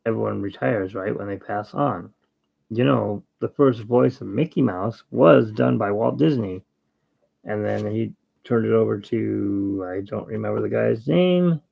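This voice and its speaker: Brief: man, very gravelly voice, slow rambling jokey chat, muffled lo-fi sound. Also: lowish voice. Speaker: artist and channel host. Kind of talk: casual chat while drawing.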